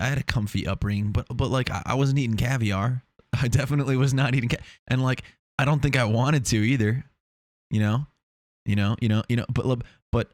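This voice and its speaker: A man's voice: lowish voice, no echo. A young man from Long Island hosts a solo podcast, rambling and swearing, and he gets fired up and restarts his sentences a lot. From Long Island, New York. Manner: rambling, profane, excitable, many restarts. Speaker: podcast host. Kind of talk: casual solo podcast monologue. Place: small foam-treated home room. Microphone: lav or shotgun mic in a home studio.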